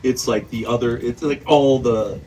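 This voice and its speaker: A man, a novelist, talking loosely at a bookstore event, full of "like" and quick laughs. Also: medium pitch, darkish tone. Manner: rambling, heavy use of "like", laughs often. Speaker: novelist guest. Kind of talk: casual conversation at a book event. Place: bookstore event before an audience. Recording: distant mic with faint noise.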